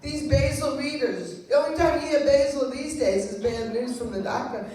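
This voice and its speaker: A woman's voice: high-pitched, expressive, moderate pace, darkish tone. A woman doing a wry, self-deprecating stand-up set on a club stage. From Long Island, New York. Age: 70s. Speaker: stand-up comedian. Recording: roomy club sound heard from far off.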